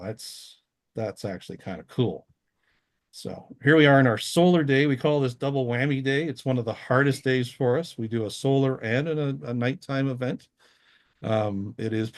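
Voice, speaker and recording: A man talks loosely through a set of photos, stopping and restarting his sentences as he goes. His voice sits at an ordinary middle pitch. The sound is dry and close, with no room echo. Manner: rambling, many restarts, easygoing. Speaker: guest astronomer. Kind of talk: casual talk over photos.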